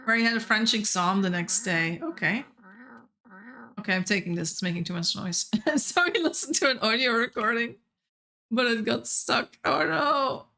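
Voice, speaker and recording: A woman's voice: on the high side, normal speed, pushed and bright. A young woman streaming a game, rambling in casual chat and laughing often. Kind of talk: casual chat while gaming.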